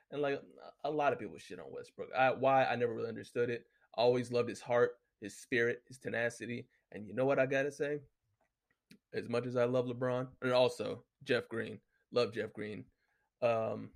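Here a lone commentator works through his notes in a heated, casual sports rant, his medium-pitched voice carrying vocal fry. Curses come nonstop, and "you know what I'm saying" keeps filling the gaps.

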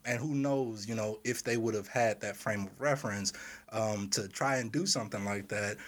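A man in casual chat, telling a story with lively quoted dialogue and laughter. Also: on the low side, moderate pace.

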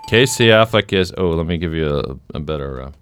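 Deep-voiced playful podcast quizmaster. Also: male voice, animated, quick pace, heavy background noise. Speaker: podcast host running a quiz game. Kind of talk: casual chat.

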